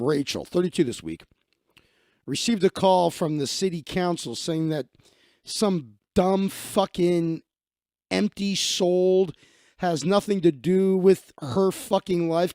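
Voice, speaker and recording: A man's voice: a little high, a little mellow, dry recording, studio quality. A man hosting a live stream, reading news stories aloud and ranting bluntly with heavy profanity.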